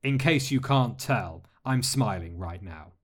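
A man playing a calm, wry masked lord. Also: on the low side. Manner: measured and polite, dry humor.

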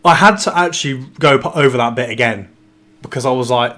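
A man's voice: medium pitch, a little fast, sharp tone. Sweary joking man in podcast chat. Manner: sweary, rambling, jokey asides. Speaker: podcast co-host discussing a novel. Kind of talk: casual book-club chat.

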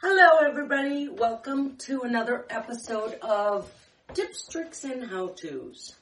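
A woman's voice: a little high, lively intonation, measured pace, fairly bright tone. Chatty woman host, echoey and distant. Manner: chatty, rambling, self-correcting. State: dry throat, candy in mouth. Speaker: host of a kitchen tips show. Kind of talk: casual demo chat. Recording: echoey room, far from the mic.

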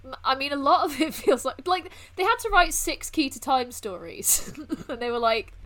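A woman's voice: sits high, lively intonation, moderate pace, sharp tone. A young woman co-hosting a casual podcast, chatty and laughing often as she reads plot summaries aloud. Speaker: podcast co-host. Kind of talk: casual chat.

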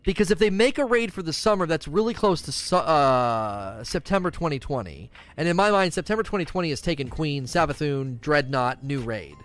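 A man's voice: fairly high pitch, fairly quick, hardly any pauses. A man streaming live, reading viewer questions and rambling through his answers in a casual chat. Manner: animated, rambling, reads chat questions aloud.

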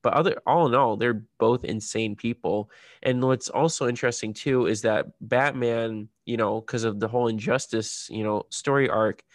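A man's voice: medium pitch, normal speed, no echo. Male co-host, rambling casual talker, dry close mic. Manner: rambling, full of fillers. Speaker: podcast co-host. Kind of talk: casual chat.

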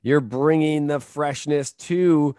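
A man's voice: on the high side, steady tone, takes it slowly, dark tone, clear, resonant tone, dry recording, studio quality. A man hosting a casual produce-industry podcast, talking energetically with many fillers and tag questions like "right?". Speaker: podcast host.

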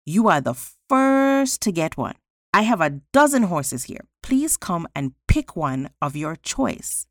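A man's voice: high voice, sing-song, slow pace, no room sound, studio quality, heavily acted. A woman reading as a sly cheerful villager.

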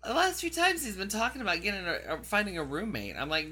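A woman hosting a crude casual chat, brash and profane, gossiping loudly and short on sleep. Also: medium pitch, sing-song, fast talker, breathy edge. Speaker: show host.

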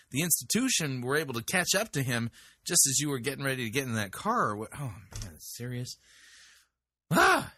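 A man's voice: mid-range voice, bright, forceful tone, breathy edge, no echo, clean studio sound. A man hosting a show, making sarcastic, mocking commentary on played clips. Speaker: host.

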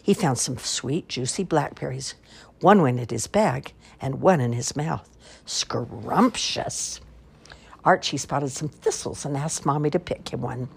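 A woman reading children's stories aloud with expressive storytelling. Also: a bass voice, measured pace, gravelly, slight background noise. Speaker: storybook reader.

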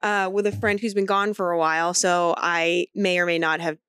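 A woman in her thirties from Florida, co-hosting a podcast and telling stories in an animated, profane way. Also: lowish voice, normal speed, clear, resonant tone, no echo. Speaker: podcast co-host. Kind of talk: casual chat.

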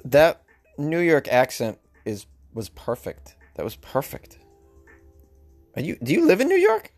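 A man's voice: fairly high pitch, huge pitch swings, unhurried, soft background music. A man, a fellow podcast host, chatting in an enthusiastic, teasing way on a voice message. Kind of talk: casual chat.

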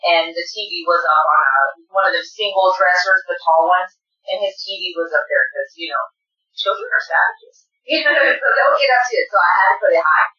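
A woman's voice: lowish voice, a little fast, bright, forceful tone. Tearful woman, echoey distant sound. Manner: tearful, earnest, addresses listeners directly. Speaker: guest. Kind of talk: emotional personal storytelling. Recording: echoey, dull room sound from off-mic.

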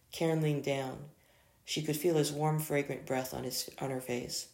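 A story reader with a creaky voice, reading a romance aloud, who often stumbles and corrects themself. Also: mid-range voice, little pitch movement, normal speed, a little mellow. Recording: echoey room.

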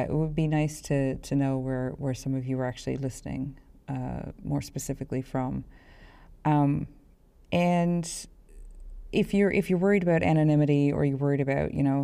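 Low, gravelly-voiced woman podcast host. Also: mellow. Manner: chatty, self-deprecating, with fillers and restarts. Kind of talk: professional development podcast talk.

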